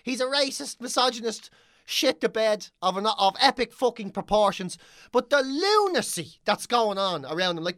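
A woman's voice: a little high, animated, normal speed, a bit bright, dry recording. Woman co-host, swearing rants, close dry mic. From Ireland. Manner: ranting, profane, mocks others in whiny voices. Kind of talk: casual chat.

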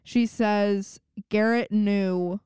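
A woman's voice: medium pitch, fairly even intonation, extremely slow, warm tone, clear, resonant tone, dry recording, clean studio sound. A young adult woman co-hosting a podcast, chatting casually about a TV show and laughing often. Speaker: podcast co-host. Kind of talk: casual chat recapping a TV show.

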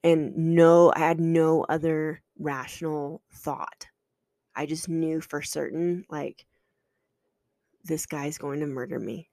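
A woman speaks candidly about her own experience, her voice gravelly with vocal fry. She talks in an earnest, halting way, restarting sentences and swearing now and then. The sound is dry and close, with no room around it. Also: deep voice, fairly even intonation, mellow, dry recording. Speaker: podcast host sharing a personal story. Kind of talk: candid personal storytelling.

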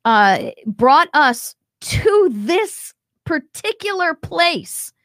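High, animated woman host. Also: very slow, dry recording. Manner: animated and emphatic, acting out quotes. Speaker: show host. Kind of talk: commentary on a video clip.

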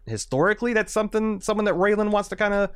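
A man co-hosting a casual TV recap podcast, animated and swearing freely as he riffs. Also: high-pitched, quick pace, clear, resonant tone, no echo, studio quality. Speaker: podcast co-host.

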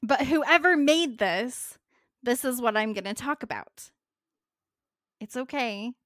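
A woman co-hosting a casual chat, calmly commenting on a video and reassuring her friend with a light laugh. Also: a little high, slow, no room sound, studio quality. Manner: calm, reassuring, chuckles often.

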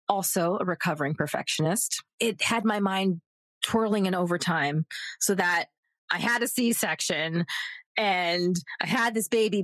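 A woman in her thirties, an actress guest on a podcast, telling a story casually and acting out the people she quotes. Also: no echo. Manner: animated, acts out quoted voices with big pitch jumps.

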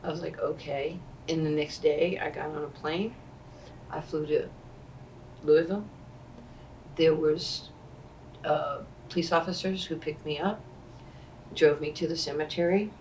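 A woman in her sixties tells her stories with a low voice, slipping into the voices of the people she quotes. The mic sits some way off, so she sounds a little distant. A faint hum of ambience lies underneath. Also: measured pace, pauses often. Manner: animated, acts out quoted speech. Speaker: interview guest. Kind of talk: conversational storytelling.

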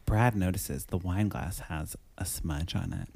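A man's voice: low-pitched, unhurried, gravelly, husky, dry recording. A man in casual chat, retelling a movie plot with lots of acted-out quotes. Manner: animated storytelling with acted quotes. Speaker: podcast co-host.

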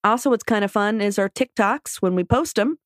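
A woman's voice: medium pitch, fairly quick, no room sound, clean studio sound. A woman co-hosting a podcast, giving a playful, giggly outro. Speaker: podcast co-host. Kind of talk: casual outro with a put-on accent.

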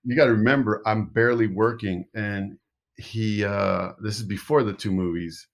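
A man's voice: fairly low pitch, steady tone, normal speed, gravelly. A middle-aged man, an actor, telling rambling anecdotes in a casual interview, often restarting his sentences. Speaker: actor guest.

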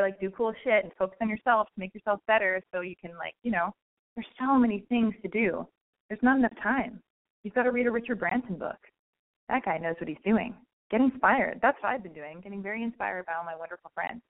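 A young woman hosts a casual call-in show, rambling from one thought to the next with blunt jokes and plenty of swearing. Her voice sits at an ordinary middle pitch for a woman. The sound is thin and narrow, like a phone line. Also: quick pace. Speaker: radio call-in host.

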